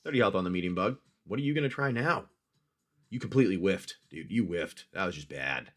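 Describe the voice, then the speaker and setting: Low, expressive, and brisk, a livestream host narrates an adventure game driven by dice rolls. Addressing the player as "my friend," he chatters through every roll and gets loud whenever a hit lands.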